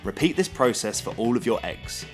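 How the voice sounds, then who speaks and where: A man calmly narrating the steps of a recipe as a voice-over for a cooking channel. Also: medium pitch, normal speed. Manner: calm, instructive. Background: guitar music.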